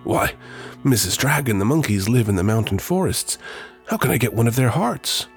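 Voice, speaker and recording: A man's voice: mid-range voice, sing-song, normal speed, faint music behind. A man doing a sly, coaxing sea dragon. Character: scheming male sea dragon, smooth-talking.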